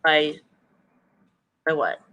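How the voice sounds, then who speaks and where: A man leads an online writing lesson, prompting students to answer in the chat. He thinks out loud and reads their suggestions back to them. His voice sits a little high for a man. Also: expressive, drawn-out words, low-quality recording. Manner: coaxing, thinking aloud, repeating students' answers. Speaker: teacher.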